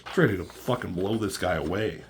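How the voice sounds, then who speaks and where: A man with a fairly low voice talks through a comic book in a loose, rambling way. He swears freely and jumps up in pitch and volume when he acts out the characters' lines. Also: a little fast, slight background noise. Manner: profane, rambling, acts out dialogue in raised voice. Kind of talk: casual comic review.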